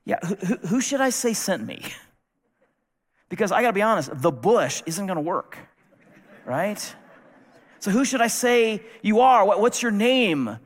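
A man acting a hesitant, doubting male prophet in a sermon, halting over his questions. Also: high voice, sing-song, voice pushed up, exaggerated voice. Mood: doubtful. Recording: long reverb of a large hall.

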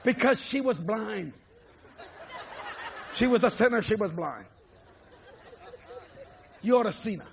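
A preacher from New Orleans with a Cajun accent, who shouts emphatic lines and drops low to chuckle through his stories. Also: expressive, takes it slowly, creaky, long pauses, some chatter behind, slight background noise. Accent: Cajun, Louisiana. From New Orleans, Louisiana. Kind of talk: sermon with humorous storytelling.

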